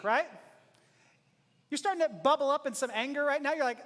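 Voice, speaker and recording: High-voiced man preaching in a reverberant hall. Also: brisk, long pauses. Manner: conversational, animated, laughs often, acts out quoted speech. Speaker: pastor. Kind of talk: sermon. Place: church auditorium.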